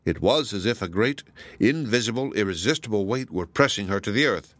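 A man reading a classic novel aloud as audiobook narration, in a measured, deliberate way. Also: lowish voice, animated, fairly bright tone, dry recording. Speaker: audiobook reader. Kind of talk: scripted narration.

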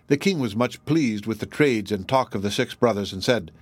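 A man narrating a fairy tale in a steady, measured storybook reading. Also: lowish voice, husky, no room sound.

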